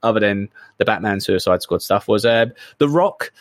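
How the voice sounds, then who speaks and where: A man co-hosting a casual film podcast, excited and sweary, rambling between points. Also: fairly low pitch, moderate pace, dry recording, clean studio sound. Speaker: podcast co-host.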